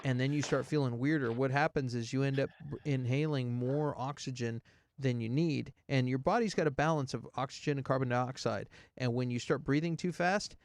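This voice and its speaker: A man co-hosting a podcast in casual chat, telling stories in a rambling, animated way with many restarts. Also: mid-range voice, brisk, no echo. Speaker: podcast co-host.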